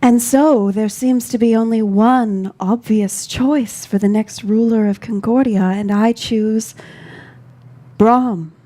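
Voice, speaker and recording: A woman's voice: fairly high pitch, fairly even intonation, slow, mellow. A woman voicing a sardonic, self-deprecating female bar owner in a tabletop role-play game, speaking dryly. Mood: dry sarcastic.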